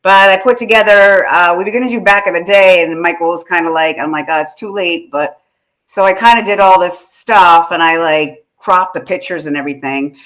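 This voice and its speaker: A woman's voice: fairly low pitch, brisk, fairly bright tone. A woman co-hosting a casual live-stream chat, chatty and laughing, greeting viewers by name. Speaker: podcast co-host.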